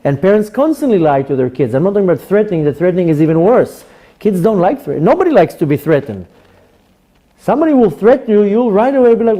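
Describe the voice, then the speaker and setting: A man's voice: high voice, fast talker. A man, a rabbi, teaching a Torah class to a live audience and acting out little dialogues as he goes. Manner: animated, acts out dialogues.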